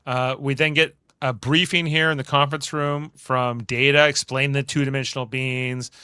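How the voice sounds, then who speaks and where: A man's voice: mid-range voice, little pitch movement, moderate pace, sharp tone, smooth, no echo. A man hosting a podcast, recapping an episode scene by scene in a rambling, casual way. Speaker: podcast host.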